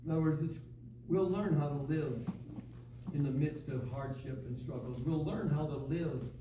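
A man's voice: a little high, normal speed, noisy background. A man preaching a sermon, reading scripture aloud and building to emphatic, repeated calls to his listeners. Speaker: pastor. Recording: echoey room from a distance.

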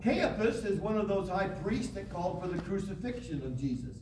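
A man teaching a Bible lesson to a class, reading scripture aloud with dramatic pauses. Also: sits high, very animated. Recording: echoey room, distant mic, faint hiss.

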